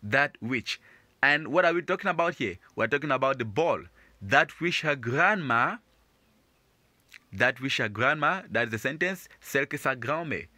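A man's voice: medium pitch, expressive, moderate pace, sharp tone, dry recording. A man teaching beginners, patiently repeating and explaining each phrase in a lesson. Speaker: French teacher.

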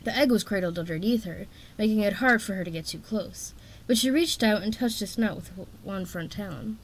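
A woman's voice: medium pitch, brisk, slight background noise. Woman reading a fantasy novel aloud. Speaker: audiobook reader.

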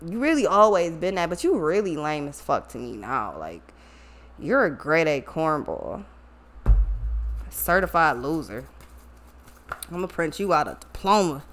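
A woman's voice: sits low, very animated, a little slow, pauses often, a bit bright, a little hiss or hum. A woman giving a casual tarot reading to her viewers, blunt and profane, often laughing and trailing off into asides. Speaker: tarot reader.

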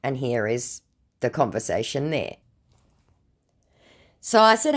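A woman's voice: extremely low pitch, huge pitch swings, a little slow, pauses often. A woman host sarcastically retelling a chat with a scammer in a mocking tone. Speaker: scam-baiting video host.

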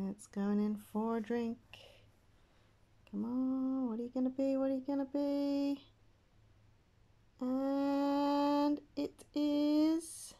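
A woman giving casual gameplay commentary, excitable and chatty, gasping and squealing as she talks to her viewers. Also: fairly high pitch. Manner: chatty, addresses viewers as guys. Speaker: gaming channel host.

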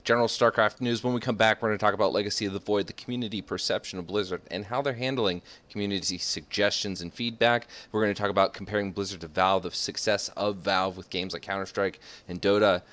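Very deep-voiced male show host. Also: steady tone, fast, hardly any pauses, fairly bright tone. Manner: direct, announces segments. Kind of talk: podcast hosting.

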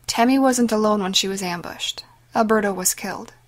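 A woman voicing a calm, protective aunt. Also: medium pitch, fairly quick, natural voice.

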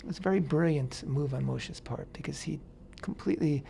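A man on a radio talk show explaining a Bible passage in a casual, animated way, acting out the characters' words in paraphrase. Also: fairly high pitch, a little fast, gravelly, slight background noise. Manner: animated, acts out quotes in paraphrase, many fillers. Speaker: radio host teaching the weekly Torah portion. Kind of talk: casual Torah discussion on radio.

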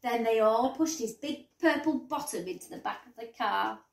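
A woman teacher reading a bedtime story aloud in an expressive storybook manner, in a roomy recording. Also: on the high side, moderate pace, gravelly, distant mic. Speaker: primary school teacher. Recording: roomy echo.

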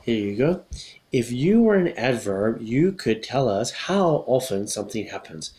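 A man from America, reading a children's book aloud as an English lesson, slowly repeating key words and chuckling often. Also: mid-range voice, very animated, warm tone, low-quality recording.

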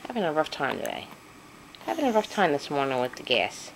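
A woman's voice: low-pitched, huge pitch swings, fairly quick, creaky, noisy background. A woman, a mother filming her baby at home, coaxing him in sing-song baby talk and speaking his thoughts for him.

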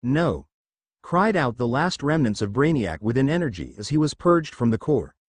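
A man narrating a fan fiction story in a steady, expressive reading voice. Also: medium pitch, brisk, no echo.

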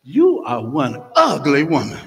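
A man voicing a rude pet-store parrot who squawks slow, drawn-out insults, in a joke told during a sermon. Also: a little high, wildly swooping pitch, fairly bright tone, slightly rough, exaggerated voice. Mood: taunting. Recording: long church hall reverb.

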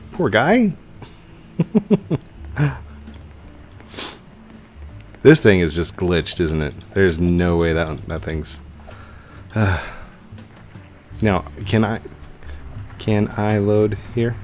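Low-voiced guy doing chill gameplay commentary, slow talker, laughs and yelps a lot. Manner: excitable, laughs a lot, yelps when things go wrong. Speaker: gaming channel host.

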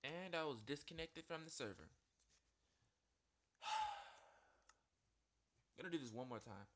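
A man giving live gameplay commentary at home, rambling and self-interrupting, jumping to squeaky panicked yelps and whiny pleading. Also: wildly swooping pitch, takes it slowly, a bit bright, a little hiss or hum. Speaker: gaming video host. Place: at home with a small dog.

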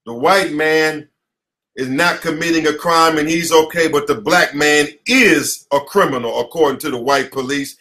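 A man's voice: fairly high pitch, normal speed, pushed and bright. An American man, an attorney, giving an impassioned lecture at his headquarters, preachy and emphatic, repeating slogans. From United States. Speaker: attorney teaching a class. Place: his office headquarters, indoors.

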